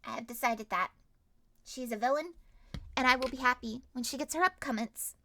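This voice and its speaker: A woman streaming a visual novel, reading it aloud and reacting with animated, theatrical comments. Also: sits high, normal speed, no room sound.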